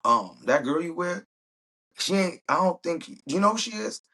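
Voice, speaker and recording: A man's voice: high-pitched, expressive, moderate pace, bright, forceful tone, pitched above the performer's own voice, heavily acted. A man doing a blunt, gossiping train worker. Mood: confiding.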